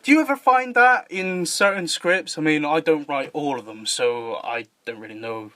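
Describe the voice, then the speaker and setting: A man's voice: on the high side, normal speed, bright, forceful tone, no room sound. A man hosting a podcast in casual chat, rambling and joking with lots of fillers and laughs. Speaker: podcast host and filmmaker.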